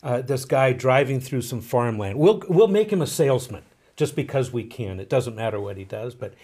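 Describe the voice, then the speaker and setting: A man's voice: mid-range voice, expressive, normal speed, a little mellow. A man co-hosting a podcast, telling a folksy story and reflecting on it in casual chat. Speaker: podcast co-host.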